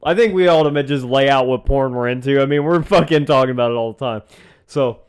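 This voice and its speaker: A man's voice: mid-range voice, fast talker, smooth. A young man co-hosting a podcast, chatting loosely and crudely and laughing often. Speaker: podcast co-host. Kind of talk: casual crude chat.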